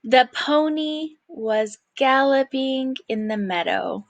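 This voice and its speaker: Lady teacher going slow thru phonics words, cheerful and encouraging, kinda high voice. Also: animated, no echo, lo-fi sound. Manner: encouraging, carefully sounds out words; whispers words while repeating them. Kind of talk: slow, clear phonics lesson.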